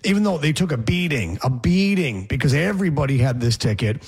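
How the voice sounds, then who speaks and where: A man's voice: on the high side, animated, brisk, darkish tone, husky. A man hosting a sports talk show, chatting casually with rambling, sarcastic asides.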